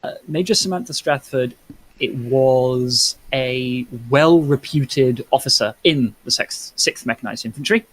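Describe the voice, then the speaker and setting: A man narrating a tabletop game as game master, in a halting, descriptive way. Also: mid-range voice, fairly bright tone, breathy edge, rough recording.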